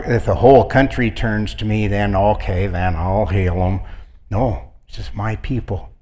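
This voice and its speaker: A man's voice: fairly low pitch, a little mellow, in a large hall. A man preaching an informal sermon, telling stories in a folksy, conversational way. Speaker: guest preacher.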